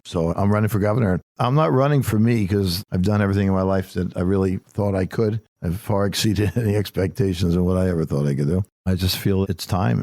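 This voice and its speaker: A man's voice: deep voice, gravelly, dark tone, dry recording, clean studio sound. An older man, a political candidate, talking as a guest in a casual interview and telling folksy, emphatic stories.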